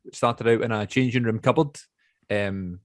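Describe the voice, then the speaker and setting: A man's voice: on the low side, fairly even intonation, moderate pace, dry recording. A young man hosting a podcast over a video call, chatty and rambling, often correcting himself. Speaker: podcast host. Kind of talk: casual chat.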